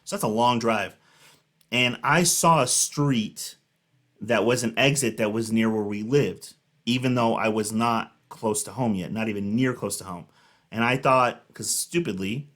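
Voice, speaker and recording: A man's voice: lowish voice, fairly bright tone. A man in his thirties hosting a reaction video, chatting casually and telling a rambling, filler-heavy story. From Southern California.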